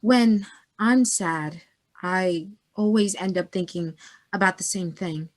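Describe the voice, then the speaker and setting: A woman's voice: fairly low pitch, takes it slowly. A woman playing a blunt, directive actor who leads a rehearsal in a stage play. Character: bossy female actor leading the rehearsal.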